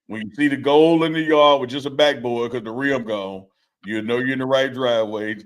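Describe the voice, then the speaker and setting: A man co-hosting a casual sports talk show, playful and teasing, with a loose relaxed delivery. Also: mid-range voice, normal speed. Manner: teasing, playful, reads a sponsor plug in a loose drawl. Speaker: co-host.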